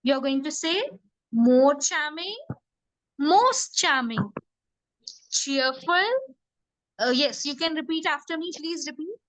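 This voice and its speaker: A woman's voice: high-pitched, lively intonation, slow pace, pauses often, a bit bright, no room sound, poor audio. A woman teaching a grammar class, repeating words patiently and asking students to repeat after her. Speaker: English teacher.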